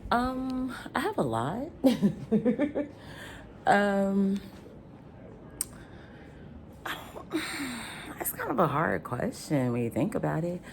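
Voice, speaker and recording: A woman's voice: mid-range voice, very animated, slow, vocal fry, long pauses, a little hiss or hum. A woman vlogger in casual chat, answering questions, chatty and rambling with frequent ums.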